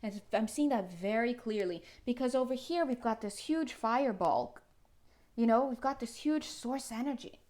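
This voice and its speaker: A woman's voice: fairly high pitch, animated, moderate pace, darkish tone. Chatty woman giving a tarot reading. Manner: chatty, rambling, often laughing, restarts and self-interrupting. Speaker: tarot reader. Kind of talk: casual spiritual reading to camera.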